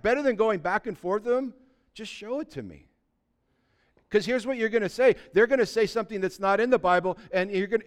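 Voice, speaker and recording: High, smooth-voiced preaching man. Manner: conversational preaching, rising to loud emphatic shouts; acts out quoted voices of believers. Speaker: pastor. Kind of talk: sermon.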